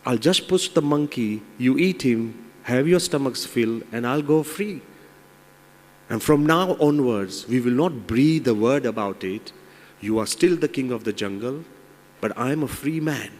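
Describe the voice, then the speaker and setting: A man's voice: mid-range voice, expressive, measured pace, a little mellow. A man voicing a scheming, cowardly man in a fable, wheedling and then pleading. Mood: bargaining. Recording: long reverb in large hall.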